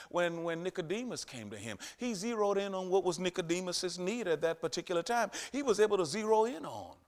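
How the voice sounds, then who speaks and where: A man preaching a sermon, emphatic and repetitive, with sudden loud rises. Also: a little high, expressive, a little fast, hardly any pauses.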